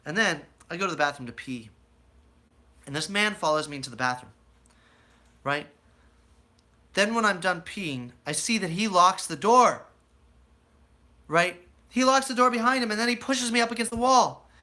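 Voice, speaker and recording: Rambling bright-voiced young man telling stories. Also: sits high, normal speed, pauses often. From United States. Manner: rambling, animated storyteller who acts out quoted voices. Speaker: vlogger telling his life story. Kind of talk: casual storytelling to a live chat.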